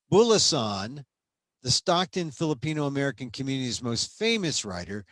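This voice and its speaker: A man reading aloud from a history book, measured and steady, stopping now and then for casual asides and small restarts. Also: fairly high pitch, dry recording.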